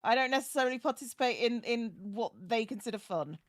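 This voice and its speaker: A woman's voice: fairly high pitch, expressive, dry recording, clean studio sound. Reassuring, playful woman chatting on a call. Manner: reassuring, playful, talks in quick bursts with restarts. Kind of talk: casual chat.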